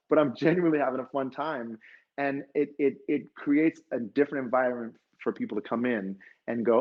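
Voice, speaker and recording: A man's voice: mid-range voice, steady tone, fairly quick, highs cut off. A man, a fitness dance instructor, telling an emotional story at a conference and acting out the dialogue.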